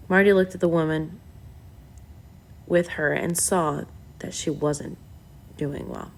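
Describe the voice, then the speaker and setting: Woman, audiobook reader, low voice, gravelly, steady. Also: slow pace, pauses often. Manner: steady, plain storytelling. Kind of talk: novel read aloud.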